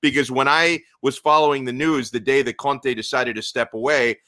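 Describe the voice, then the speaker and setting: A man on a podcast walks through his reasoning at an even, explaining pace. His voice is bright and sharp, recorded dry and close with no room sound. He sits at a middle pitch. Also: no room sound. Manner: measured, reasoning things through. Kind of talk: casual chat.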